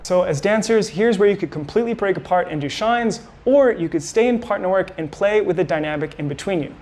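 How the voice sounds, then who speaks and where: A man teaching salsa in a voice-over, explaining clearly and calling out the moves as the dancers hit them. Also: sits high, animated, fairly quick, darkish tone, soft background music. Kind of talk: instructional voice-over commentary.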